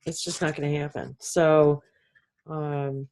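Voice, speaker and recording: A woman's voice: low voice, takes it slowly. A woman hosting a casual spiritual chat, rambling and laughing, often poking fun at herself. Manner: animated, laughing, self-mocking rambles. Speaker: spiritual talk host. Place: outdoors with birds overhead.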